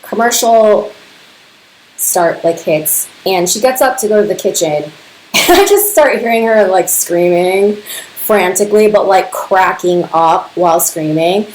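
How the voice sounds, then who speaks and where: Speaking slowly in a mid-range, slightly mellow voice, a podcast host from a Serbian family shares personal stories. She's chatty, laughs frequently and peppers her talk with "like", all recorded in an echoey room.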